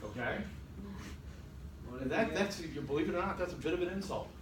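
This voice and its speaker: A man's voice: fairly high pitch, lively intonation, fairly quick, very noisy. Joking man lecturing, roomy. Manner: wry, joking asides to students. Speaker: college instructor. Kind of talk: classroom lecture. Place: classroom. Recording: echoey classroom from far off.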